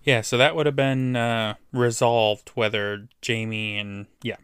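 Podcast guy with dry short comebacks, mid pitch, dead dry close recording. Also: level tone, a little slow, a bit bright, clear, resonant tone, dry recording. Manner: dry, short wry comments. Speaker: podcast co-host. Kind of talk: casual recap chat.

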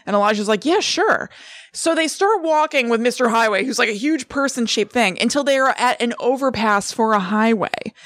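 A woman co-hosting a podcast, casually recapping a movie plot in an animated, storytelling way. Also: a little high, a little fast, hardly any pauses, no room sound. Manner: animated storyteller, acts out lines with laughs. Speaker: podcast co-host.

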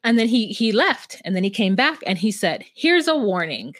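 A woman's voice: a little high, animated, brisk, dry recording. A woman co-hosting a podcast, rambling through a story and acting out the quotes in a casual recap chat. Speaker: podcast co-host.

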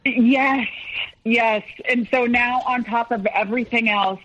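Woman guest talking slow, lots of ums, kinda muffled lo-fi sound. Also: fairly high pitch, steady tone, a bit bright, slight background noise. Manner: slow, hesitant, many pauses and fillers. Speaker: podcast guest. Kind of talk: personal story in an interview.

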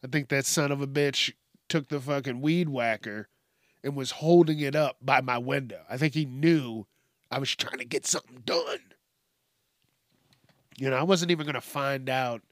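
Speaking at a moderate pace in a mid-range voice, a podcast host runs his show alone, wandering off on tangents, cursing, and now and then calling himself by name in the third person. The audio is dry and studio-clean.

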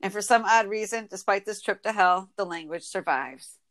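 A woman in her twenties from Michigan with an Inland North accent, chatting casually as a podcast host, a bit nasal and quick to laugh. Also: medium pitch. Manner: chatty, laughs often, quick when excited. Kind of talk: casual chat.

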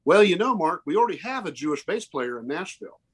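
A man putting on the voice of an older southern bluegrass band leader with a slow folksy drawl. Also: high voice, sing-song, slightly rough, pitched above the performer's own voice, heavily acted.

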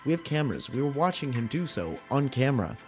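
Young man, mid-pitched, casual and foul-mouthed, tells stories with lots of energy. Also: fast, faint music behind. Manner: profane, animated retelling with acted-out quotes. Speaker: podcast host. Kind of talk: casual storytelling rant.

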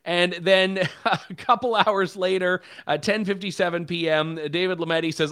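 A man giving sarcastic, animated political commentary. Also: sits high, moderate pace, clear, resonant tone. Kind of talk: opinion commentary.

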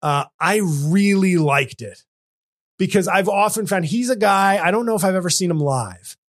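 A man's voice: high-pitched, lively intonation, normal speed. A man hosting a comedy podcast, talking casually in rambling, self-interrupting runs with joking asides. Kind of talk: casual chat.

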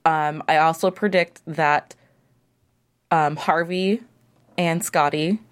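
A woman panelist in a casual chat, animated and quick to laugh. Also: low voice.

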